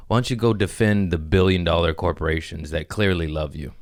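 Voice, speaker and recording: A man with a very low, deep voice hosts a loose comedy podcast. He rambles and curses freely, jumping from one riff to the next in an animated way. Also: normal speed, hardly any pauses. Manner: rambling, profane, animated riffing. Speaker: podcast host. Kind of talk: casual comedic podcast chat.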